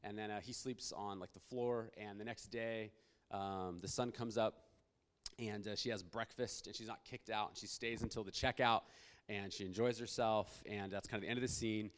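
Halting man telling a sermon story. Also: fairly low pitch, fairly even intonation. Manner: halting, many restarts and fillers. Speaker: preacher.

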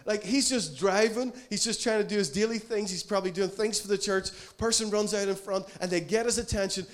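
A man preaching a sermon from Ireland, earnest and storytelling, often acting out the voices in his stories. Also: high voice. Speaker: pastor.

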